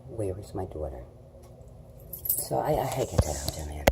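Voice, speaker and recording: A middle-aged woman vlogging, telling rambling personal stories in a blunt, profane manner that swings between loud and hushed. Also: extremely low pitch, sing-song, moderate pace, slight background noise.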